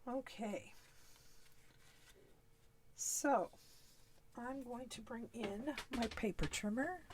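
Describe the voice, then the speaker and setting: A woman with a Canadian East Coast accent hosts a live crafting demo, chatty and easygoing, talking as she works through each step with frequent little laughs. Her voice is a little high with drawn-out words, over a noisy background.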